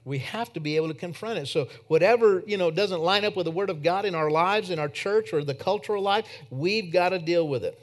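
A man preaching a sermon in church, telling a personal story that swings from emphatic to hushed. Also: sits high, fairly quick, few pauses.

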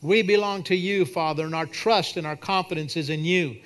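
A man preaching a sermon and leading a prayer at a church service, swinging from loud declarations to quiet prayer. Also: fairly high pitch, moderate pace. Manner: preaching, rising to shouts then dropping to a soft prayer. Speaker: pastor.

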